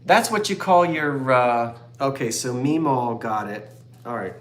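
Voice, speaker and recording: A man's voice: mid-range voice, lively intonation, measured pace, a bit bright, reverberant. A man in his fifties hosting a live online antique sale, rambling and joking as he reads out viewers' comments. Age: 50s. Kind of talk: chatty live-stream sales talk.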